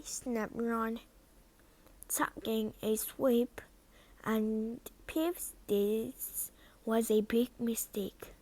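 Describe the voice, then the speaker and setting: A woman reads a storybook aloud at a slow, careful pace, sometimes dropping to a whisper. Her voice sits a little high. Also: steady tone, warm tone, no room sound. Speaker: reader.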